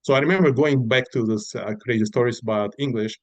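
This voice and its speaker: A middle-aged man with a Russian-speaking accent, from Uzbekistan, talks as a podcast guest, animated and full of fillers as he acts out the people in his stories. His voice sits at an ordinary pitch for a man, and the recording is dry and close. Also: fast talker, no echo, rough recording. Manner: animated storyteller acting out quoted voices, many fillers. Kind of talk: casual storytelling interview.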